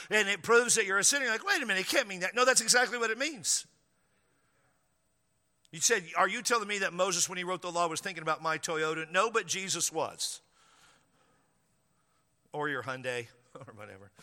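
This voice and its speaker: A man preaching a sermon, his voice high and very bright. He plays out the objections of doubting listeners in quoted voices. The sound rings with a long hall reverb. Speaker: pastor. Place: church.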